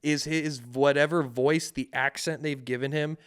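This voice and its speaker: A man's voice: on the high side, fairly even intonation, moderate pace, smooth. A man co-hosting a podcast in casual chat, rambling and hesitant, swearing casually. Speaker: podcast co-host.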